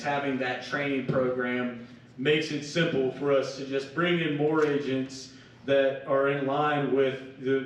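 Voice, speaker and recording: A man on a business panel explaining a training program in a steady, practiced way. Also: mid-range voice. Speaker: panelist from a service company. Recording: echoey hall from far off.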